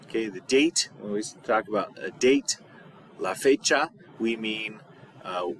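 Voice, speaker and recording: A man teaching a recorded video lesson as a high school Spanish teacher, patient and repeating words slowly. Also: fairly bright tone, a little hiss or hum.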